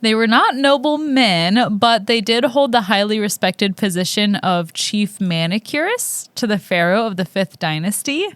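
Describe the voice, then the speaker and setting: A woman's voice: medium pitch, animated, normal speed, hardly any pauses, fairly bright tone, no echo. A woman co-hosting a podcast, telling history in a casual comedic chat and laughing often. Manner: giggly, laughs often while telling facts. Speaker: podcast co-host.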